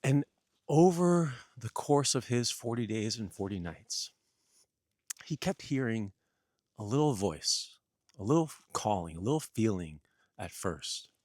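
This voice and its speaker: A man delivers an earnest spiritual teaching in a low, unhurried voice. He piles up repeated phrases for emphasis. The sound is close and dry. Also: big pitch swings, a little mellow, dry recording. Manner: earnest, repetitive, emphatic listing.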